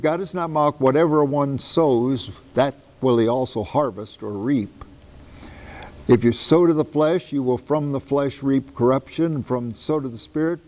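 A man preaching a Bible-teaching sermon, reading verses aloud and breaking in with his own asides, swinging between loud and soft. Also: a little high. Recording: long reverb of a large hall.

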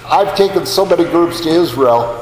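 Animated and moderately paced, the older American Bible teacher delivers his lecture through folksy storytelling and side comments. The voice is fairly high and slightly mellow, heard in an echoey hall over a low hum.

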